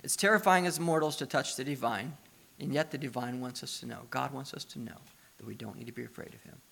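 Gravelly-voiced man preaching. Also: medium pitch, quick pace, fairly bright tone. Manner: conversational preaching with rhetorical questions, swelling to emphatic. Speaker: pastor. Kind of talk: sermon.

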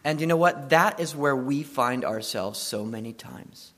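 A man preaching a sermon, retelling a story and swinging between hushed passages and emphatic ones. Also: medium pitch, lively intonation, unhurried.

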